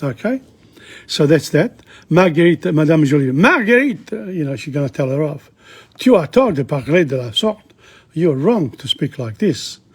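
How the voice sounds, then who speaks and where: A man teaching a language lesson, reading a dialogue line by line and translating it, chatty and halting with frequent asides. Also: a little high, big pitch swings, darkish tone, slightly rough.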